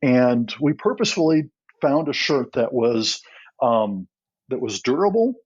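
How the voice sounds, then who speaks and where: A middle-aged man, guest on a podcast, telling a story earnestly with frequent restarts and soft laughs. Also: medium pitch, very animated, measured pace, breathy edge, highs cut off. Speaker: guest, nonprofit co-founder.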